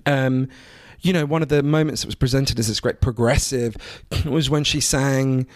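A man, an author and interview guest, talking in an animated, profane, self-interrupting way. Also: medium pitch, normal speed, no room sound, clean studio sound. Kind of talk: casual conversation.

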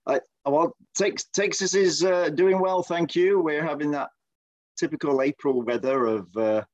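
A Midlands-born Englishman now living in Texas co-hosts a podcast, chatting casually but hesitantly with many fillers and restarts. His voice is a little high and a little mellow at a measured pace, recorded with no room sound and the highs cut off.

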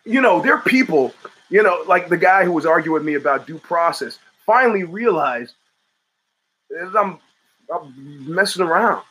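Male podcast host, middle-aged, bright tone, casual and crude. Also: a little high, animated, moderate pace, low-quality recording. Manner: rambling, profane, reads chat and answers it. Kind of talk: casual talk show monologue.

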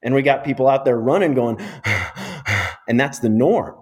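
A middle-aged man, a physiotherapist guest on a podcast interview, explaining in an animated and emphatic way. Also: medium pitch, quick pace.

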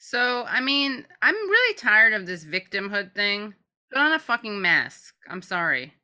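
A woman's voice: mid-range voice, sing-song, unhurried, bright, forceful tone. A woman co-hosting a casual commentary chat, blunt and profane, with a sarcastic edge. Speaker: co-host.

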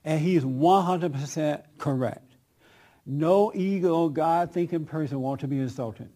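Guy preaching casually to a group, kinda high voice, emphatic, laughs a lot. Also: a little slow, dark tone. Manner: emphatic, laughs often, calls on people. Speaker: preacher leading a group discussion. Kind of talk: conversational sermon with audience questions.

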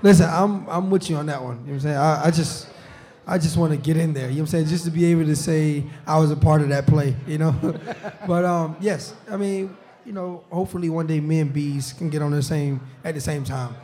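A man's voice: a little high, fairly even intonation, brisk, few pauses, warm tone. A young man, a football player guest on a live show in a restaurant, telling stories in a loose, laughing way and often saying "you know what I'm saying.". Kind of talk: casual live-show chat.

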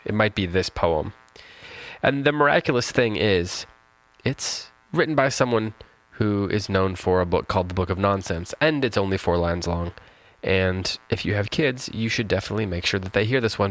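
Man, podcast host, lowish voice, casual chat, playful overstatement, studio mic. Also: normal speed, a bit bright. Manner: playful, mock-grand enthusiasm.

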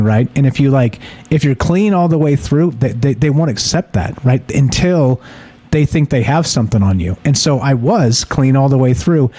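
A man's voice: medium pitch, mellow. A man telling a story in casual talk-show chat, rambling and profane, full of restarts and fillers. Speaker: podcast co-host.

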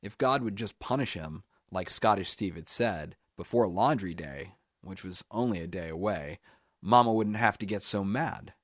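A man narrates his own short story in a calm, measured audiobook reading. His voice sits very low, and the recording is dry with no room echo.

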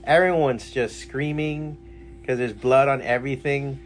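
A man's voice: medium pitch, steady tone, unhurried, slight background noise. A man hosting a podcast, chatting casually and swearing freely as he tells stories. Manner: swears freely, storytelling with laughs. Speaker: podcast host, comic shop owner. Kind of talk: casual chat. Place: comic shop.

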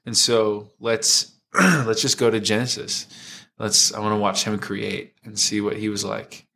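A man in his twenties, a worship leader, giving a reflective, earnest personal testimony in a conversation, halting now and then with fillers. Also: lowish voice, steady tone, gravelly, bright, forceful tone. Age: 20s. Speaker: worship leader, podcast guest.

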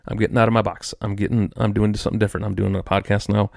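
A man's voice: on the low side, level tone, fast, vocal fry, hardly any pauses, no room sound, studio quality. A man hosting his own podcast, ranting in a frustrated, rambling way with many restarts. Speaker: podcast host. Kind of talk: solo podcast rant.

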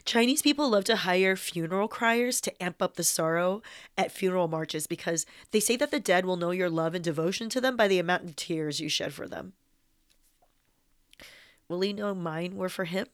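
A woman's voice: lowish voice, moderate pace, no room sound. Candid woman reading her own essay, dry sound. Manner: candid, wry, with swearing. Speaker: personal essay narrator. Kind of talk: reading a personal essay aloud.

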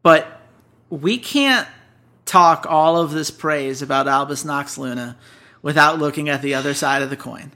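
A man co-hosting an esports analysis show, talking through a team's weaknesses in a brisk, emphatic way and putting questions to his co-host. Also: on the high side, pushed and bright. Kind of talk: casual analysis chat.

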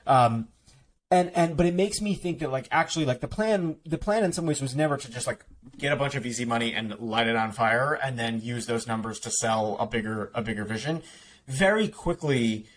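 A man's voice: mid-range voice, fairly quick, slight background noise. A man talking as an author guest in a podcast interview, explaining at length with many restarts and filler words.

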